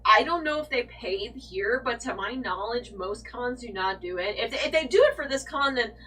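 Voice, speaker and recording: A woman co-hosting a casual chat, telling stories in an animated way and swearing freely. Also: a little high, moderate pace, slightly rough, far from the mic, low-quality recording. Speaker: co-host.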